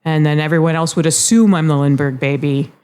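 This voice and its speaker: Female comedy co-host, deadpan storyteller. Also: low-pitched, brisk, smooth. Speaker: podcast co-host. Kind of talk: improvised comedy chat.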